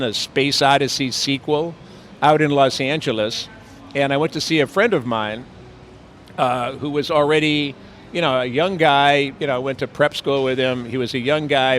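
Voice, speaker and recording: A man's voice: medium pitch, fairly bright tone, a little hiss or hum. An older man, an actor being interviewed, telling stories in a rambling way with many fillers, outdoors on a city street. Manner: rambling, with frequent fillers and playful impressions. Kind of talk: anecdotal storytelling.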